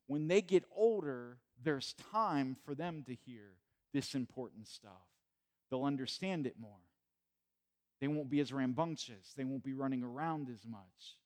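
A man's voice: medium pitch, a little mellow. Male pastor preaching in church, conversational, stumbles over words, builds to emphatic peaks. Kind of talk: sermon.

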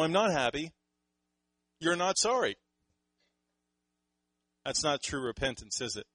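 A Canadian pastor preaches in a loose, lively style, now and then acting out little snippets of how people talk. His pitch is an ordinary middle range, and the audio is poor, close-miked and dry with no echo or room sound.

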